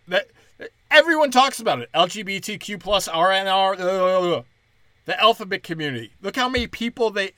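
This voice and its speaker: A man's voice: a little high, pushed and bright, no echo. A man hosting a podcast and delivering a sarcastic, profane, mocking comedic rant.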